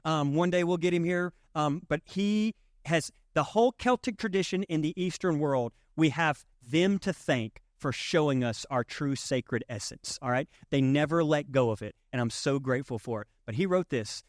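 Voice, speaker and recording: Male pastor, conversational emphatic sermon, slightly high voice, dry close sound. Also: normal speed, no room sound. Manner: conversational, emphatic preaching with rhetorical questions. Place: church sanctuary.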